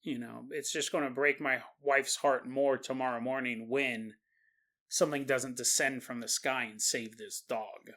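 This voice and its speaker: Slow-talking, bright-voiced man telling a story. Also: mid-range voice. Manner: animated, acts out the characters in the story. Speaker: podcast host. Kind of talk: storytelling narration.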